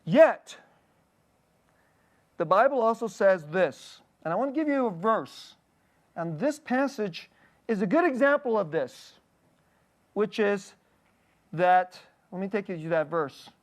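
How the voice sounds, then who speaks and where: A male pastor preaching a conversational sermon in a candid, personal way, often breaking off to restart a thought and checking in with a quick "okay?". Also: high-pitched, sing-song. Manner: halting, restarting phrases mid-thought.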